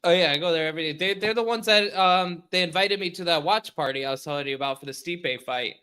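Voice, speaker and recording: A man's voice: on the high side, fast, sharp tone, smooth. A man co-hosting a podcast over a remote call, telling stories in casual chat and laughing often. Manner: laughing storyteller. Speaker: podcast co-host.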